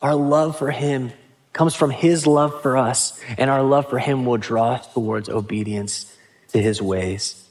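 A pastor preaching a sermon in a conversational way, with casual asides and questions to the congregation. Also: male voice, medium pitch, fairly even intonation, unhurried, darkish tone.

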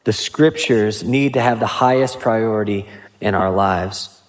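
A male pastor with a fairly low voice preaches a little slowly and conversationally, dropping casual asides and asking the congregation questions.

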